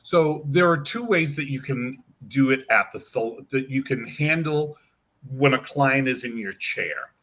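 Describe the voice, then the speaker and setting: A man, a hair care brand educator, explaining and demonstrating a product in an animated interview, acting out bits of client dialogue. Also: mid-range voice, a little slow.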